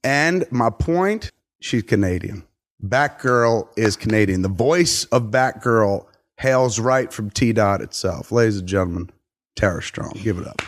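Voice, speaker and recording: A man hosting a casual podcast conversation. He talks loosely and swears freely. His jokes often turn into quick silly voices. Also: on the low side, expressive. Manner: loose, profane, jokey, does silly voices. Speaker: podcast host. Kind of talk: casual interview chat.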